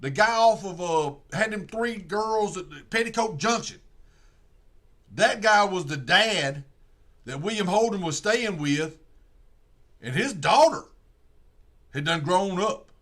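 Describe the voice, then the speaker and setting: A man's voice: sits high, animated, takes it slowly, pauses often, a bit bright. A man, casually retelling a movie plot in a rambling, drawling way, full of restarts. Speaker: streamer.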